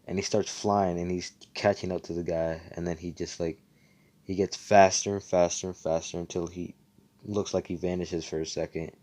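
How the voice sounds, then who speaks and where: A man with a deep, mellow voice tells a fan story in a loose, rambling way. He swears freely and leans on fillers. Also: little pitch movement, normal speed. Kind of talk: casual fan story retelling.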